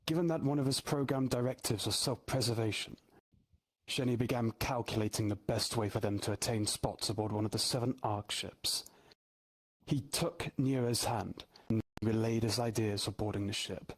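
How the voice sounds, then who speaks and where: A man improvising spoken story narration in a calm, even way. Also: medium pitch, slightly rough. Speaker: improv performer.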